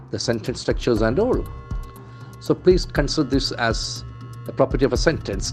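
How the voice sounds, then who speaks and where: A man teaching vocabulary from newspaper headlines, repeating and spelling out words slowly. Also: medium pitch, a little mellow. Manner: slow, repetitive, spells out and stresses words. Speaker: English language trainer.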